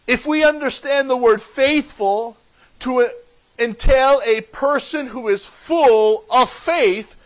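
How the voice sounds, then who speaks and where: High-voiced man preaching a sermon. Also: poor audio. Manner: emphatic preaching that swings between loud and soft; repeats key phrases for emphasis. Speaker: pastor.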